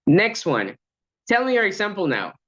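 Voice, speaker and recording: A man's voice: high-pitched, wildly swooping pitch, moderate pace, fairly bright tone, highs cut off. A man training language coaches in an upbeat lecture, acting out short classroom examples.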